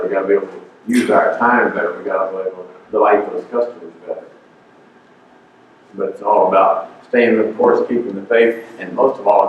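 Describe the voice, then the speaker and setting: A man's voice: low-pitched, slight background noise. An older man giving an emphatic, preachy motivational talk as a guest speaker, repeating his points. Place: community center hall. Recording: echoey hall, far off, dull sound.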